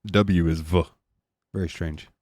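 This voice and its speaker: Male podcast guest, very deep voice, dry close sound, easygoing. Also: normal speed, darkish tone, no room sound. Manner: easygoing, storytelling. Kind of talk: casual podcast chat.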